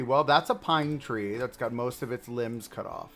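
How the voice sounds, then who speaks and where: A man's voice: mid-range voice, moderate pace, vocal fry, fairly bright tone, soft background music. A man casually talking through a theme park building game on a livestream, rambling to himself and to the objects he places. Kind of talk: casual gameplay commentary.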